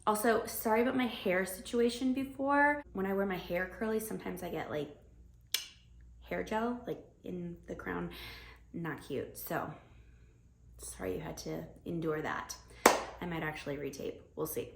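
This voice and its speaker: A woman's voice: lowish voice, normal speed, vocal fry, slight background noise. A young woman vlogging in casual, bubbly chat straight to camera, talking with lots of enthusiasm. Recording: echoey room.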